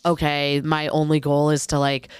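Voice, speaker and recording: Podcast co-host, woman in her thirties, low and smooth, dry close sound, reflective chat. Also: monotone, moderate pace, no room sound. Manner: reflective, talks in long searching runs. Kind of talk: casual chat.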